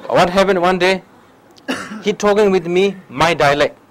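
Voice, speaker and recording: His voice sits high and moves a little slowly on a rough recording. A meditation teacher with a Tibetan accent, he gives a public dharma talk with questions in a lecture hall, telling lively stories in broken English and frequently saying "okay?"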